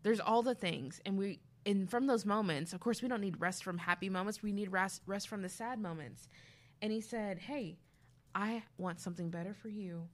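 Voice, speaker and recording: A woman co-hosting a casual faith talk, telling lively stories and acting out what people said. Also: medium pitch, moderate pace. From grew up youngest of five. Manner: animated storytelling, acting out quotes. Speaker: podcast co-host.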